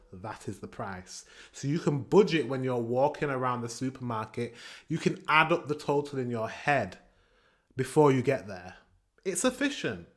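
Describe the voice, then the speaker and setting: A British man hosts a casual reaction video. He talks freely to his viewers and breaks into animated rants. His voice sits at an everyday middle pitch. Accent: British English. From England. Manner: animated, ranting, pauses to comment.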